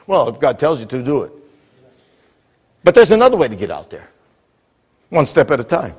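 A man with a high voice preaches a sermon in a church, pressing the congregation for answers as he goes. His voice rings out with a long echo through the large hall. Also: very animated, fairly quick, pauses often, slightly rough. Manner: call-and-response, prompting the congregation. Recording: echoey hall.

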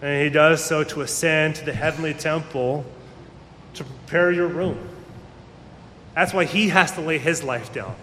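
Speaking a little slowly with long pauses, this pastor has a sharp tone as he delivers his sermon. He talks conversationally and acts out the people he quotes. The sound is echoey, with a faint rumble in the hall.

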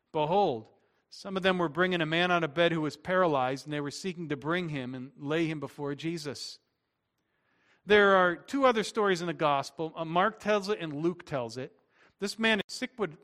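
A middle-aged male pastor preaching a sermon, swinging from emphatic to hushed. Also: on the high side.

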